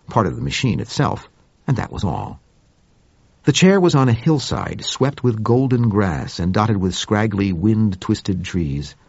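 Low gravelly guy reading a story, pitch moves around a lot, dry dull recording. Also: darkish tone, dry recording. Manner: lyrical, descriptive reading. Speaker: audiobook narrator. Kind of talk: scripted narration.

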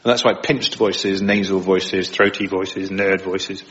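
Male impressionist guest, low voice, chatty with frequent laughs, muffled studio radio sound. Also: fairly even intonation, measured pace, a bit bright. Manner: chatty, laughs often while talking. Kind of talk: conversational interview.

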